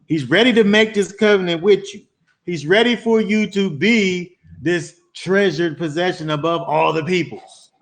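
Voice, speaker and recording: A man's voice: high-pitched, moderate pace. A man teaching a Bible study to a small group, talking conversationally and repeating words as he builds emphasis.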